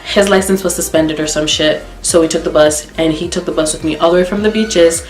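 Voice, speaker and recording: A young woman from Canada telling a blunt, profane, animated story in a casual storytime vlog. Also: fairly low pitch, fairly quick. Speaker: vlogger. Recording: echoey room with faint background music.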